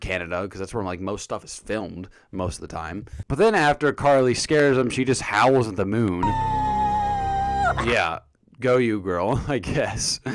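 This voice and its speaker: Animated man with a lively voice. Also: mid-range voice. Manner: animated, jokey, acts out characters' lines. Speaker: TV episode reviewer. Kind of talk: casual review vlog.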